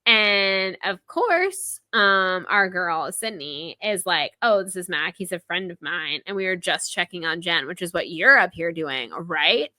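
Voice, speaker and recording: A young podcast host talks through a book chapter in a casual, chatty way, animatedly retelling scenes and saying "like" over and over. Her voice is on the low side, measured in pace, with hardly any pauses, and the recording is dry.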